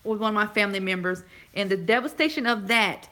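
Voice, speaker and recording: Fast-talking woman in her forties. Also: mid-range voice, pushed and bright. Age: 40s. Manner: fast-talking, halting, loses her words. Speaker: vlogger. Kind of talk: casual chat to a live audience.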